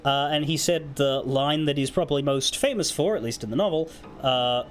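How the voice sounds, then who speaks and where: Higher-voiced man, lively casual storyteller, faint music under him. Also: moderate pace. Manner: animated, profane, conversational. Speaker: streamer.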